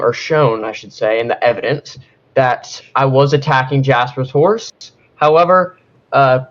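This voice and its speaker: A man defending himself in a mock trial with friends, hesitant and full of "um" and "uh" while reaching for formal phrasing. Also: mid-range voice. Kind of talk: casual mock-courtroom defense. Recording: slightly dull lo-fi mic.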